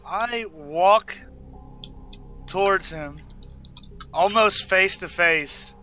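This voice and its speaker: A man playing a tabletop game, describing his character's actions slowly and hesitantly, thinking aloud. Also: sits high, sharp tone, faint music behind. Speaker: player.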